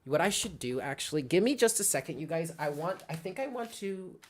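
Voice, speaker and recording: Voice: mid-range voice, expressive, a little fast. A tarot reader giving a live reading to viewers, talking casually, thinking aloud, greeting viewers by name and often checking in with "okay?". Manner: addresses chat viewers by name.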